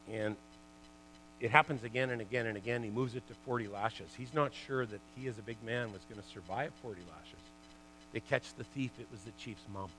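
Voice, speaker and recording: Middle-aged man, church sermon, animated storyteller with loud and hushed swings, mid pitch. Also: moderate pace, slight background noise. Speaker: guest preacher, former hockey player. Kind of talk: sermon testimony.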